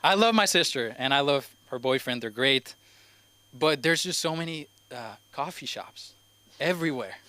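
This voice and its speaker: A man's voice: medium pitch, expressive, normal speed, sharp tone, no echo. A young man from Spain with a slight Spanish accent, doing his first stand-up set at an open mic, rambling and hesitant with many fillers. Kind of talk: stand-up comedy. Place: comedy club stage.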